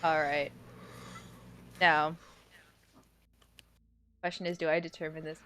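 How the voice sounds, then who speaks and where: A woman narrating as game master for a tabletop role-playing game, casual and quick to laugh. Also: low-pitched, little pitch movement, pushed and bright, clear, resonant tone.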